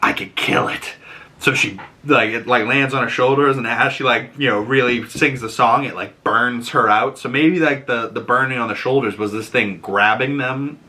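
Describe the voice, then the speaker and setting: A man's voice: mid-range voice, normal speed, few pauses, bright, forceful tone. A man hosting a casual episode recap, chatty and loose, telling the story with lots of fillers. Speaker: host reviewing a TV episode.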